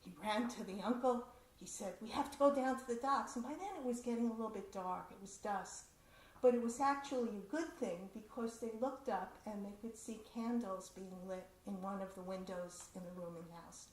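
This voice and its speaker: A woman's voice: mid-range voice, normal speed. Woman telling a family story in a hall. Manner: conversational, animated, laughs often. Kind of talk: personal storytelling. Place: community center hall. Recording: roomy hall echo, faint ambience.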